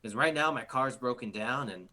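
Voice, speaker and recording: A man voicing a teenage male bully who extorts a schoolmate with drawn-out, taunting threats. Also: medium pitch, bright, forceful tone.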